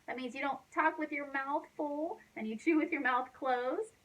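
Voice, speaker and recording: A woman librarian leading a children's storytime, gently coaxing the kids to join in with motions and signs. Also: high voice, normal speed, recorded from a distance, low-quality recording.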